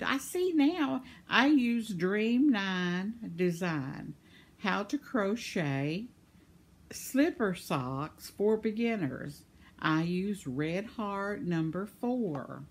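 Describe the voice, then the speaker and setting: Slow, husky older woman. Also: mid-range voice. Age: 70s. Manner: chatty, laughs often, warmly talkative. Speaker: vlogger. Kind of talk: casual chat reading viewer comments.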